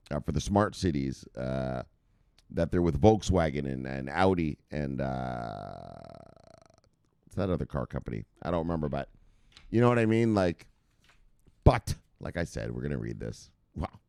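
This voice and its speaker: Deep-voiced guy reading crypto news and swearing a lot, swings up and down in pitch, dry close sound. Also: darkish tone, smooth, no echo. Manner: profane, rambling, reads articles and riffs on them. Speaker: crypto news channel host. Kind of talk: casual news commentary with reading aloud.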